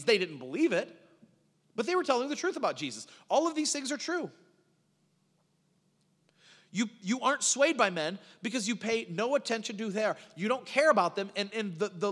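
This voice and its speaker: A middle-aged man preaching a sermon as a pastor, telling stories in an animated way with frequent restarts. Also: high-pitched. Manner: animated storytelling with repeated restarts. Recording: long reverb of a large hall.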